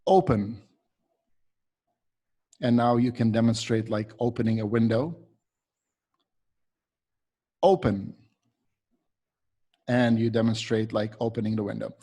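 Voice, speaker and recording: A man's voice: on the low side, monotone, brisk, few pauses, warm tone. A man training teachers, patiently explaining a classroom method step by step and demonstrating words aloud.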